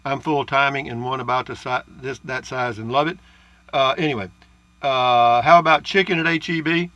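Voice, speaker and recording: A man's voice: medium pitch, normal speed, bright, forceful tone, dry recording. A man chatting in a folksy, rambling way as he reads viewer comments in his travel trailer. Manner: folksy and rambling, with frequent uh's and asides. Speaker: RV vlogger. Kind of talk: casual chat reading viewer comments.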